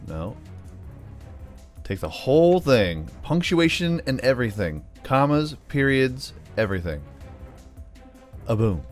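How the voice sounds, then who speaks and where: A man's voice: mid-range voice, very animated, a little slow, soft background music. A man hosting a let's play video, talking through a puzzle in a playful, rambling way. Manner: playful, rambling, explains puzzle steps aloud. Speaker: gaming video host.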